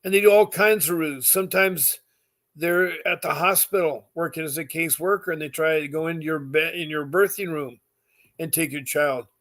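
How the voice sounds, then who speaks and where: Middle aged guy, kinda high voice, earnest and pushy, keeps repeating himself, lots of um and you know. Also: moderate pace, a bit bright. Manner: earnest, insistent, repeats points, frequent fillers. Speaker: advocate giving advice. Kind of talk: direct-to-camera advice talk.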